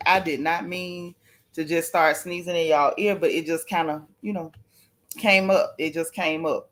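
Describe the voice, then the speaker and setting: A woman's voice: lowish voice, normal speed, fairly bright tone. Chatty woman hosting a gossip livestream. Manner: chatty, addresses viewers directly, apologetic. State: sneezing, sniffly from allergies. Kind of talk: casual livestream chat.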